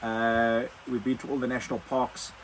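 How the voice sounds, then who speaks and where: An older South African man answers viewer questions in a loose, rambling way, circling back over the same points. His voice sits at an ordinary middle pitch, picked up by a phone camera with a faint background hum. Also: little pitch movement, moderate pace, rough recording. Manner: rambling, repeats himself. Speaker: overlanding vlog host. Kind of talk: casual Q&A chat. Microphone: phone propped on a wine box.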